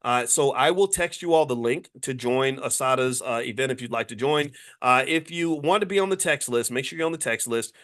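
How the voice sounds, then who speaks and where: A man's voice: mid-range voice, brisk, few pauses, a bit bright. A man in his fifties hosting a motivational livestream talk about money. He speaks emphatically, repeats phrases and checks in with his audience. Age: 50s. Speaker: host and finance educator.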